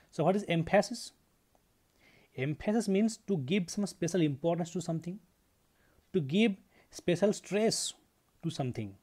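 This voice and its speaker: A man with a slightly higher voice teaches an English grammar lesson. He explains each point step by step, repeats the key ideas and keeps checking in with his students. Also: a little mellow.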